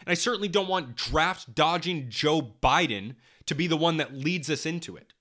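Young guy ranting on his podcast, bright sharp voice, kinda high, cursing a lot and saying things twice to hammer the point. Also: lively intonation, moderate pace. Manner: heated, swearing often, repeating himself for emphasis. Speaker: podcast host. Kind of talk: impassioned political monologue.

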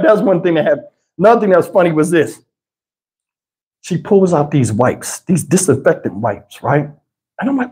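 A man hosting a livestream, telling a story in a casual way that is animated and profane, with frequent laughter. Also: fairly high pitch. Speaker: livestream host. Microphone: wireless lapel mic.

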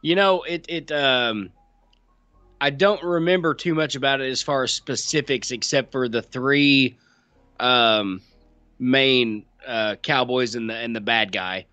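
A man co-hosting a casual chat, easygoing and hesitant, who pauses on fillers and throws in dry quips. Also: medium pitch, pushed and bright, smooth, no room sound, highs cut off, soft background music. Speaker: podcast co-host.

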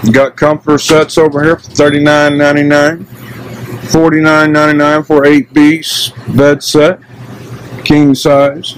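A man's voice: a little high, completely flat delivery, a little slow, a little hiss or hum, poor audio. Folksy joking man touring a shop. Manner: joking, salesman-like patter. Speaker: vlogger touring a store. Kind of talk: folksy promotional walkthrough. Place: inside a small shop, walking around.

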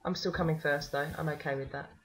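A woman's voice: deep voice, fairly even intonation, quick pace, poor audio. A woman chatting casually while playing an online drawing game, teasing, laughing often and swearing freely. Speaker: gaming channel host. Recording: faint background noise.

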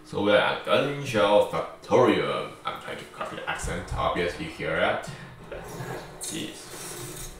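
Rambling gamer with a distant echoey mic. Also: male voice, low-pitched, very animated, a little slow, fairly bright tone. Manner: rambling, self-correcting, joking. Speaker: gaming YouTuber. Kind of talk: casual let's-play commentary. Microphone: far from the speaker.

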